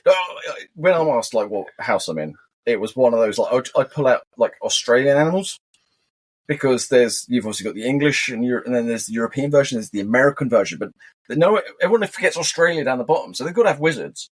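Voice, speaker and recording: Casual co-host, a man with a husky voice and jokey, wandering chat. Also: medium pitch, quick pace. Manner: animated, joking, rambling tangents. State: wired on caffeine. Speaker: podcast co-host.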